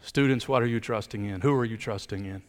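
Preaching man in a reverberant hall. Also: fast. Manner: emphatic preaching, building up and then dropping low. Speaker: pastor. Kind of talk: sermon.

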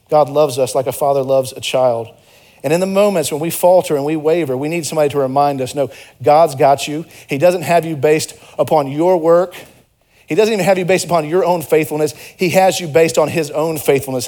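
A man's voice: fairly high pitch, darkish tone. A young man preaching a sermon in a church, conversational and earnest, mixing personal stories with emphatic exhortations. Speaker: pastor. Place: church sanctuary.

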